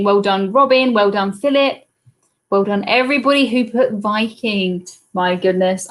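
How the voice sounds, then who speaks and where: A woman's voice: medium pitch, fairly bright tone. A British woman hosting a live cruise trivia stream in a chatty, casual way, reading out viewers' comments and answering them into a laptop webcam mic.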